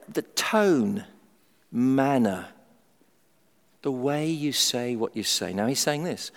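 Middle-aged male preacher, animated and funny, big pitch swings, recorded with long hall reverb. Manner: animated, humorous, acts out everyday voices. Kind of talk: sermon.

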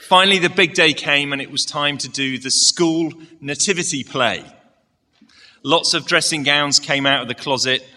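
During a church service in a large hall, a male preacher delivers a sermon, weaving in a story and asking the congregation direct questions. He speaks at a moderate pace in a slightly high, sharp-toned voice, with long reverb from the hall.

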